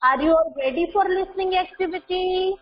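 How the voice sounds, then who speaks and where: A woman's voice: extremely high pitch, a little fast, highs cut off, a little hiss or hum. A woman teaching an online class to young children, repeating words for pronunciation practice.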